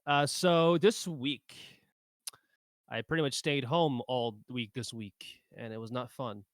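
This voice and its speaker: A man's voice: medium pitch, slow pace, dry recording, studio quality. A man hosting a casual podcast chat, rambling and easygoing. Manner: rambling, easygoing, lots of fillers. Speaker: podcast host.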